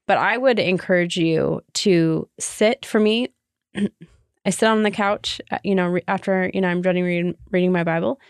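A young woman co-hosts a relaxed faith-based podcast, talking in a chatty, rambling way full of restarts. Her voice sits low with a gravelly fry, recorded close and dry. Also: normal speed, dry recording. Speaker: podcast co-host. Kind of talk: casual faith-based chat.

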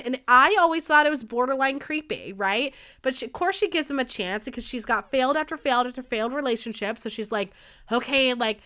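A young woman hosting a podcast, ranting in a casual, profane, gossipy way with fast bursts and a lot of heat. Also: high voice, sharp tone, smooth. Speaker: podcast host. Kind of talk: casual solo podcast rant. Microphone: studio microphone.

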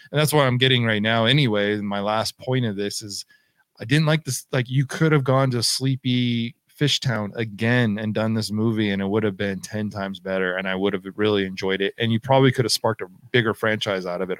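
A man co-hosting a horror film podcast, talking in a relaxed, casual way. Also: medium pitch, no room sound. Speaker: podcast co-host. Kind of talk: casual chat.

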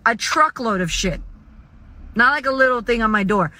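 A woman's voice: a little high, expressive, normal speed, bright, forceful tone. A woman giving a blunt, profane motivational monologue from her car. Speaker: motivational speaker.

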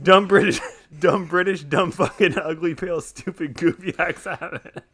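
A man's voice: high-pitched, steady tone, moderate pace, a bit bright, slightly rough. A man playing a bald, muscle-bound male agent who hurls crude, swearing insults. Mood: abusive.

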